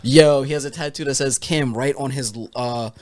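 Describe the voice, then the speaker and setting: Male podcast co-host, mid-pitched, relaxed slangy reader, dry close mic. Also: normal speed, no room sound. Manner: laid-back, reads texts aloud with slangy asides. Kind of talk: casual banter.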